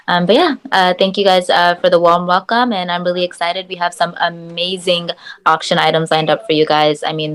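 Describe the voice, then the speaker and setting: A woman organizer gives instructions on a charity auction livestream. Her voice is lowish and flat in tone. She speaks steadily and spells things out carefully. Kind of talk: livestream announcement.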